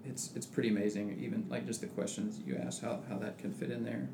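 A man's voice: lowish voice, very animated, fast talker, creaky. A man in casual religious discussion who talks thoughtfully with many restarts and reads scripture aloud. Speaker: podcast co-host. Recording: echoey room with background noise.

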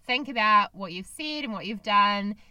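A woman's voice: medium pitch, lively intonation, moderate pace, pushed and bright, no room sound, muffled recording. A woman co-hosting a casual chat podcast, talking in an earnest, reflective and opinionated way.

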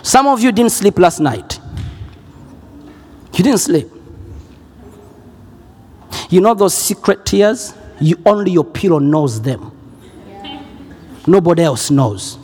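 Male preacher, unusually high voice, slow and emphatic, builds to shouted declarations. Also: animated, slightly rough, long reverb tail. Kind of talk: sermon.

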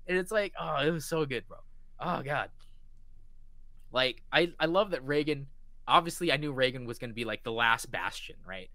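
A man co-hosting a podcast, retelling a story in casual chat with excited energy and lots of swearing. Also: medium pitch, moderate pace, no echo. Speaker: podcast co-host.

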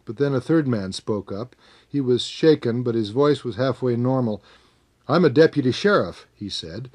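A man's voice: medium pitch, darkish tone. Man telling a dramatic first-person story. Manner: measured, dramatic telling that rises on tense moments.

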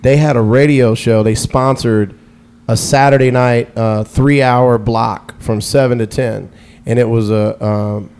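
A man's voice: mid-range voice, steady tone, measured pace, darkish tone, clear, resonant tone. A man being interviewed, who tells a long story about his past as a DJ. He rambles, often starts a phrase twice, and laughs easily as he goes. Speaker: guest DJ.

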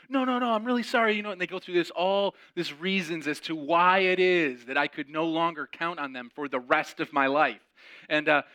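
Guy preaching on his podcast, tells a story, bright voice, does all the voices. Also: mid-range voice. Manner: animated, acts out quoted voices. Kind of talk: storytelling sermon.

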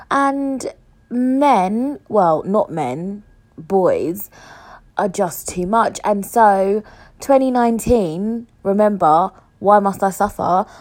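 A woman's voice: medium pitch, darkish tone. Chatty woman podcast host. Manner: rambling, jokey, self-mocking, jumps between thoughts. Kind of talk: solo casual chat podcast.

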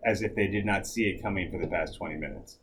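A man's voice: low-pitched, quick pace, fairly bright tone, slight background noise. A man making dry jokes and asking questions while watching a movie. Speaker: movie commentary co-host. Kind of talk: casual movie commentary chat.

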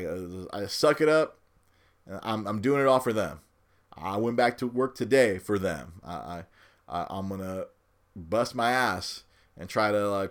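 A man in his thirties, a new father, talking casually and rambling, repeating words as he goes and often laughing at himself. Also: on the low side. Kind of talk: casual chat.

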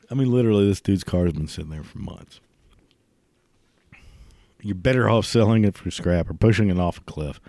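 A man's voice: low-pitched, normal speed, pauses often, dark tone, no echo. A man delivering a crude, profane comedic rant, swearing constantly and laughing at his own jokes. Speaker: ranting commentator.

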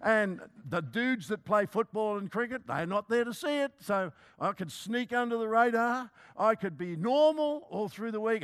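A man's voice: high voice, lively intonation, normal speed, a bit bright, clean tone. A man, preaching a sermon as a humorous, self-mocking personal story.

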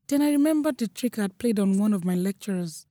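A woman's voice: medium pitch, animated, quick pace, dark tone, no room sound, clean studio sound. Nigerian woman reading a story. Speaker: narrator. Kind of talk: first-person story reading.

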